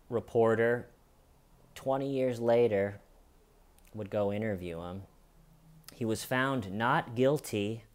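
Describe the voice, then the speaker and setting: Slow, dramatic male true crime storyteller. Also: fairly low pitch. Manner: deliberate, dramatic storytelling with long pauses. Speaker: podcast host.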